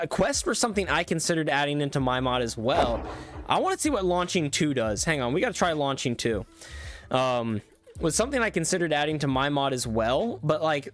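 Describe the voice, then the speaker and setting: A man streaming gameplay commentary, excitable, laughing often and reading out chat. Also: a little high. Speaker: streamer reviewing viewer mods.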